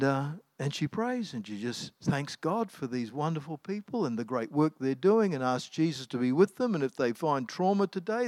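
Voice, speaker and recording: A man's voice: fairly high pitch, no echo. A middle-aged man, preaching a sermon in a casual, storytelling way with many fillers and restarts. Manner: anecdotal, conversational, with many ums and restarts.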